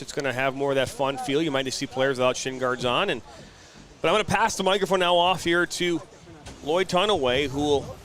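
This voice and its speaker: A man kicks off a soccer broadcast from the ground, his voice sitting a little high. He talks loosely and hesitates with fillers before handing over. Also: a bit bright. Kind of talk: casual broadcast introduction.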